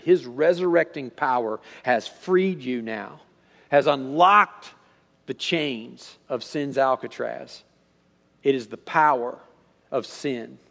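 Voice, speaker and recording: A man's voice: mid-range voice, creaky. Man preaching a sermon in a reverberant hall. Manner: conversational preaching with frequent repetitions, swinging from loud to soft. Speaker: pastor.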